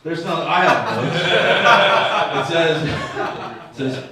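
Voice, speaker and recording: A man's voice: a little high, big pitch swings, very slow. A man in his fifties doing rambling, crude, self-mocking stand-up crowd work at an open mic, with a slight slur from dentures. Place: small comedy venue. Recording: echoey room, mic far off.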